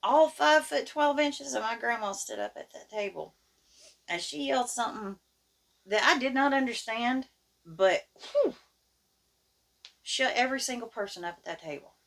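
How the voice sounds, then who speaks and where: A woman's voice: on the high side, normal speed, creaky, pauses often. Folksy woman telling a story. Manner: folksy, animated, plain-spoken. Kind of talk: casual storytelling.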